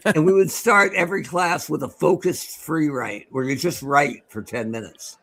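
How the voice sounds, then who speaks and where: A man's voice: fairly high pitch, moderate pace, vocal fry. A middle-aged man co-hosting a podcast, telling stories in casual chat and calling a game with lots of laughing. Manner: animated storyteller, laughs often. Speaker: podcast co-host.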